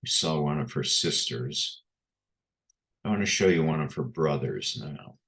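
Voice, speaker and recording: A man presents a talk with pictures in a very low, deep voice. He speaks slowly and deliberately, often pausing on ums and uhs as he gathers his thoughts. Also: lively intonation, creaky, a bit bright. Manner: unhurried, frequent filler sounds.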